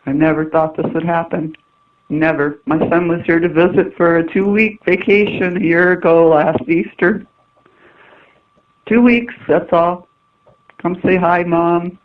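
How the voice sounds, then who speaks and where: A middle-aged woman, a mother appearing as a guest, speaking emphatically and pleadingly in a phone-in interview. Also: fairly low pitch. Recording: tinny phone line, distant.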